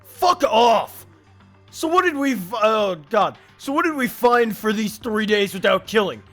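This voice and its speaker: A man voicing an angry student who rants and shouts at the others, reading a game aloud. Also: high-pitched, animated, unhurried, faint music behind, voice pushed up, heavily acted. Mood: furious. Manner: loud, shouting and scornful. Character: angry student ranting at the group.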